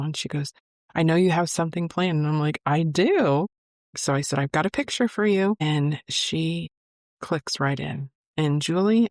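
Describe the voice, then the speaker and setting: A woman's voice: sits low, vocal fry, dry recording, studio quality. A middle-aged woman, a psychic medium, telling a personal story in a chatty, emotional way. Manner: emotional, chatty, lively retelling with quoted voices.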